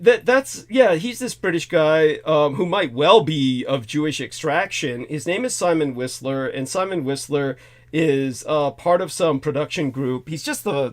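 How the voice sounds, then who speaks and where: Indignant talk show host man. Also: a little high. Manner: animated, profane, indignant, with many fillers and restarts. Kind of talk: ranting talk show monologue.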